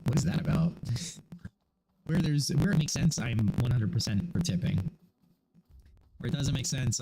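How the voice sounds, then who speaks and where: A man's voice: fairly low pitch, warm tone, rough recording. A middle-aged man chatting casually as a gaming channel host, musing and opinionated, often restarting his sentences. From United States. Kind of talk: casual chat over gameplay.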